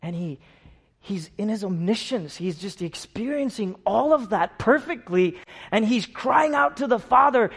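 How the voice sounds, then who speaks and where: A middle-aged man from India preaching a sermon, swinging from hushed, slow lines to loud, emphatic peaks. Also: high-pitched, lively intonation, vocal fry, husky.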